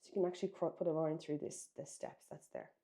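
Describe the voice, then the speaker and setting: A woman's low, mellow voice holds a steady tone while she talks fast. She's from Ireland and runs a biology exam revision lesson, emphatic and instructive, self-correcting as she writes.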